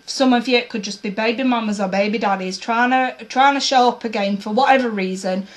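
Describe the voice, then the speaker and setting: A woman giving a casual tarot reading to her viewers, blunt and swearing freely, her voice going a bit hoarse. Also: a little high, a little fast, poor audio. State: losing her voice, coughing. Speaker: tarot reader.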